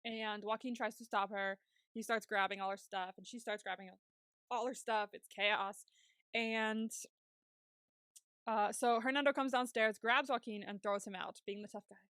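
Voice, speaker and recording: A woman's voice: fairly high pitch, normal speed, clear, resonant tone, no room sound, clean studio sound. Bubbly woman recapping a show. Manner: animated retelling with quoted character voices and frequent laughs. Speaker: podcast co-host. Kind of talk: casual TV recap chat.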